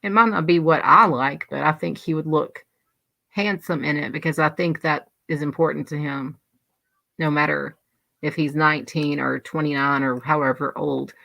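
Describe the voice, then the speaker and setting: A woman's voice: sits low, fairly even intonation, moderate pace, vocal fry, sharp tone, no echo. A woman hosting a livestream, chatting casually and rambling as she reads and answers live comments. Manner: rambling, chatty, many restarts. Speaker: livestream host.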